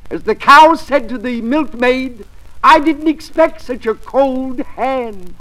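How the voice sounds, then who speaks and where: Corny pompous comedian, high affected voice, 1940s radio comedy. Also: male voice, slow pace, noisy background. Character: corny man comedian Heathcliff, pompous punster.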